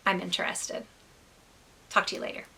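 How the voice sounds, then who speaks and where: A woman hosting a knitting podcast, chatting casually and rambling with lots of filler words while sounding congested. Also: normal speed. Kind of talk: casual chat to camera.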